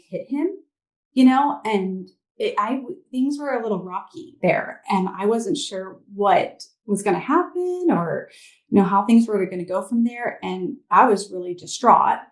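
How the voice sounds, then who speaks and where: A woman's voice: medium pitch, lively intonation, a little slow. Candid woman telling her story, roomy sound. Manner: candid, rambling with fillers. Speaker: interview guest. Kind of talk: personal testimony in conversation.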